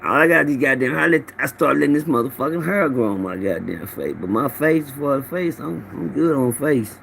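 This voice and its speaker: A middle-aged man hosting a relaxed livestream greets his viewers by name and rambles through profane anecdotes into his phone. His medium-pitched voice is creaky and a bit bright, delivered in a brisk, animated way over a little hiss or hum.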